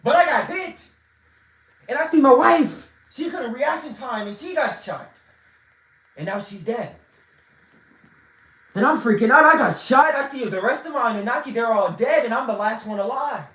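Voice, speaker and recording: A man livestreaming from a phone, telling a story in an animated, profane way with bursts of shouting. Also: very high voice, normal speed, long pauses, roomy sound, rough recording. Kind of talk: storytelling monologue.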